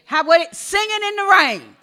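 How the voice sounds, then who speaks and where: A woman pastor delivers a sermon in a high, bright voice. She tells everyday stories softly, then rises to shouted exhortation. She sounds middle-aged and speaks with a preacher's call-and-response rhythm. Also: expressive, normal speed. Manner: preaching with swings between soft storytelling and shouted exhortation.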